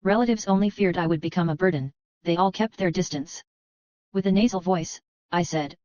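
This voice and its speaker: A woman narrating a first-person story in a steady, even reading voice. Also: fairly low pitch, brisk, dry recording, muffled recording. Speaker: audiobook narrator.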